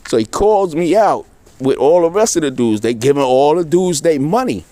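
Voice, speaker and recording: A middle-aged man spins a profane street tale, his voice swinging up and down as he acts out every exchange. He sits a little higher than most men and swears through nearly every line. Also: normal speed, no room sound. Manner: animated, swears constantly, voices characters in quotes. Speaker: storyteller.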